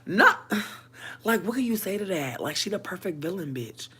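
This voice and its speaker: Swearing freely and full of energy, this woman vlogger rants through a comedic storytime, veering between shouts and muttered asides. She keeps a moderate pace, and her voice has a breathy edge.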